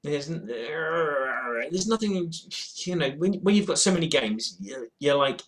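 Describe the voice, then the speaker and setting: A man's voice: a little high, very animated, a little slow. A man in a casual webcam chat about board games, answering viewer questions in a rambling, hesitant way with lots of fillers and restarts. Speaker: board game vlogger. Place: at home in front of a game shelf.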